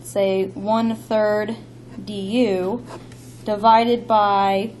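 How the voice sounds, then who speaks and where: A woman math instructor lecturing a class, explaining steps briskly and thinking aloud. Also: mid-range voice, flat delivery, a little mellow, a little hiss or hum, poor audio.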